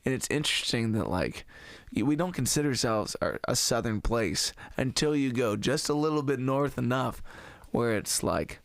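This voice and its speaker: A man from the Cincinnati area in casual podcast conversation, animated and opinionated, cracking jokes and swearing a little. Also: medium pitch, normal speed, gravelly, no echo. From Cincinnati area, USA. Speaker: podcast guest musician.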